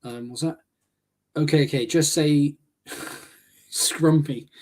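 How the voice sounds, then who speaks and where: Laughing podcast host, slightly high voice. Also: male voice, steady tone, slow, darkish tone. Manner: laughs often, reads out chat comments. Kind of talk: casual podcast chat.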